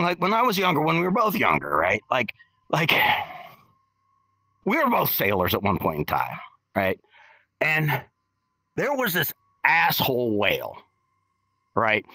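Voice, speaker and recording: A man with a gravelly, bright edge to his voice, talking in a rambling, laid-back drift. His pitch swings widely as he chats on a podcast, and the sound is close and dry. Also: no echo, poor audio. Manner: rambling, laid-back, full of fillers, jokes in character as a skeleton. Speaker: podcast guest, musician. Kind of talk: casual podcast chat. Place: virtual reality chat room.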